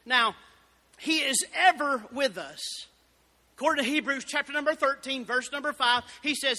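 A man preaching a fervent Baptist sermon, building up to shouted exclamations. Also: very high voice, normal speed. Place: church sanctuary. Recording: reverberant church hall.

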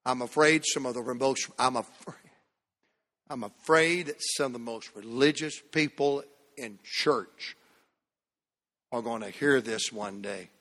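A man from the American South preaching a sermon to a church, shifting between loud shouts and hushed, drawn-out phrases. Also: medium pitch. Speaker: pastor. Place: church sanctuary. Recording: long hall reverb.

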